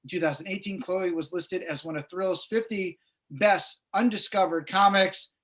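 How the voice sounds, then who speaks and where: A man's voice: sits high, moderate pace, a bit bright. Male rabbi host, casual introductions with many fillers, video call audio. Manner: loose, filler-heavy introductions. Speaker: rabbi hosting the event. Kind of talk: hosting an online congregation event.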